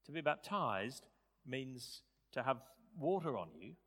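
A man preaching a sermon, animated and rising to loud, emphatic peaks. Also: medium pitch, takes it slowly, slightly rough. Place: church. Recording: church hall reverb.

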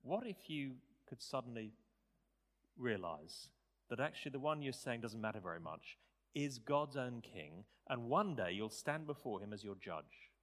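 Animated preacher in a reverberant hall. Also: male voice, medium pitch, normal speed. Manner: animated, rising to loud emphatic peaks. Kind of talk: sermon. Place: church.

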